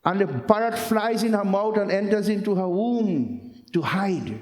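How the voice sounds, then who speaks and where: A man's voice: sits high, lively intonation, unhurried, darkish tone. A man telling a religious legend in an earnest, repetitive sermon style. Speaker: religious storyteller. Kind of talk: storytelling sermon. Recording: roomy hall with long echo.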